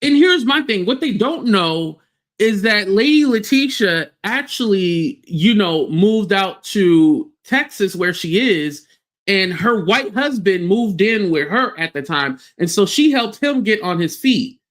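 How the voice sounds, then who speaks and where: A man hosting a livestream, giving blunt, heated commentary with swearing and quick acted-out quotes. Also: high-pitched, expressive, a bit bright.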